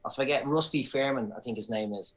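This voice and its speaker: An Irish man talks casually on a podcast, spinning anecdotes with lively energy. He often restarts his sentences as he goes. His voice sits in a middle pitch. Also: a little fast, poor audio. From Ireland. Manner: animated storyteller, many restarts. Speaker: guest comedian and actor.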